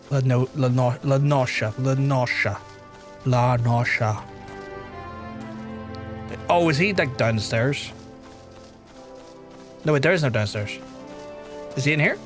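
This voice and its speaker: A man streaming a game, chatting casually to viewers, swearing often and jumping high in pitch when amazed. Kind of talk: casual gaming livestream chat. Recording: faint background music.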